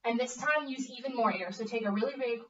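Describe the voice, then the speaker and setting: A woman's voice: on the high side, fast talker, fairly bright tone. Upbeat young woman coaching a music student. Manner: upbeat, coaching with frequent okay checks. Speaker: bassoon teacher. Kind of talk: encouraging one-on-one music lesson. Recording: echoey, distant, dull room audio.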